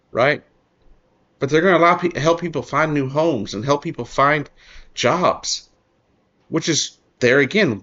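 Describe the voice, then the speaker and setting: A man's voice: on the high side, a bit bright, highs cut off. A man hosting his own commentary show, reading an article aloud and adding earnest remarks, often restarting his sentences. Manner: earnest, halting, many restarts and fillers. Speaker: political commentary host.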